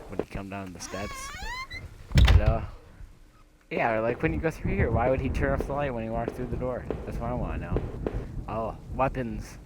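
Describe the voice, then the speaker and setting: Young guy playing a spooky game, jumpy, whispery at times, kinda low voice, loud rain n thunder behind. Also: heavy background noise. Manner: jittery, nervous laughs, drops to whispers. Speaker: gameplay commentator. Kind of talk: casual let's-play commentary, reading game text aloud. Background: loud rain and thunderstorm game sounds.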